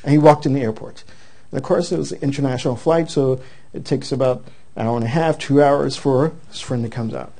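A man preaching a sermon, telling a story with lively acted-out voices. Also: mid-range voice, fairly quick. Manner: animated storyteller, acts out the quoted voices.

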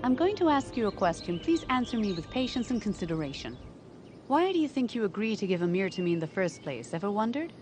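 An actress playing a composed adoptive mother who speaks in a measured, firm and reasoning way in a dubbed drama. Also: mid-range voice, very animated, lightly acted. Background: background music.

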